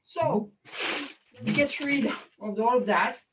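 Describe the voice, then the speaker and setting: A woman's voice: fairly high pitch, takes it slowly, recorded from a distance, noisy background. A woman from France with a French accent, doing chatty, self-mocking magic show patter over a video call.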